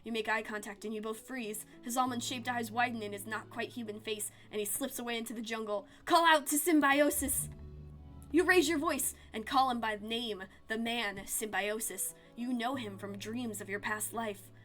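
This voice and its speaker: Expressive woman reading a game aloud. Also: on the high side, moderate pace, hardly any pauses, faint music behind. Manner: expressive, dramatic storytelling read-aloud. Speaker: game streamer.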